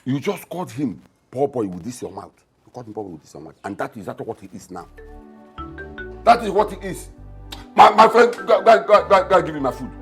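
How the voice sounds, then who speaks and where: A man's voice: on the high side, expressive, fairly quick, a bit bright, faint music behind. A middle-aged man with a Nigerian accent, playing a callous, mocking father in a film drama. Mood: scornful. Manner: mocking, scornful. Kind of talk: film acting.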